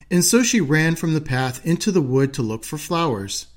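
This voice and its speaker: A man reading a fairy tale aloud in an expressive storytelling manner. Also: a little high, normal speed, hardly any pauses. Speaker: narrator.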